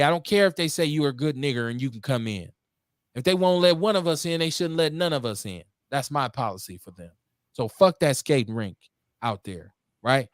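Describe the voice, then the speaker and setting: A man's voice: mid-range voice, lively intonation, moderate pace, no room sound. Guy hosting a community radio show, preachy and fired up, cussing a lot, mid voice, dry close mic. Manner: fiery, preachy, swings between shouting and muttering, swears freely. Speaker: host. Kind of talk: impassioned call-in radio talk.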